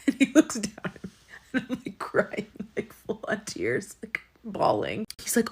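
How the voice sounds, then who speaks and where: A woman's voice: mid-range voice, big pitch swings, moderate pace, a little mellow. A woman telling a personal story in a candid, rambling way, full of fillers and laughs. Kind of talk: storytime monologue.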